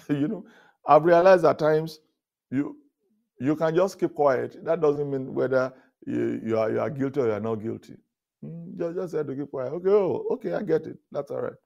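A male pastor giving a leadership talk at a conference, telling stories with chuckles and repeated words, often rising loud for emphasis. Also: fairly high pitch, normal speed, vocal fry, lo-fi sound. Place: conference stage before an audience.

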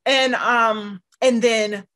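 A middle-aged American woman, a lawyer appearing as a guest, tells her life story candidly and emphatically, often saying "you know" and "right" and acting out what people said. Her voice is a little high and bright with a forceful tone. Her intonation stays fairly even while she draws out her words.

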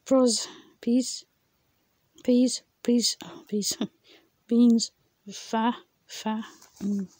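Slow, husky woman reading vocabulary aloud. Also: fairly high pitch, fairly even intonation, warm tone, no echo. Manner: repeats words, stumbles and laughs at herself. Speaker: language learner reading from her exercise book.

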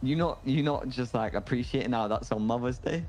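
A man's voice: mid-range voice, a little fast, a little mellow, slight background noise. A British man chatting casually in a roleplay game, teasing his friend with lots of British slang. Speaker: roleplay player.

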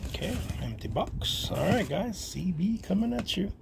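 A man's voice: high-pitched, big pitch swings, moderate pace, vocal fry, hardly any pauses. A man casually chatting to viewers as he unpacks a box of baseball cards, talking to himself and dropping into whispers. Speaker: card collector vlogger. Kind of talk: casual unboxing chat. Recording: noisy home recording.

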